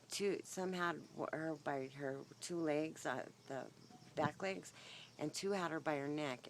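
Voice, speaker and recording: A woman talks straight into her phone's own mic outdoors near her horses, chatty and rambling, with fillers everywhere. Her voice sounds a little shaky, and a faint hiss of outdoor noise sits under it. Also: deep voice. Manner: rambling, animated storytelling with many fillers. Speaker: vlogger. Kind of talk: casual rambling vlog. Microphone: phone's built-in mic, no clip-on mic.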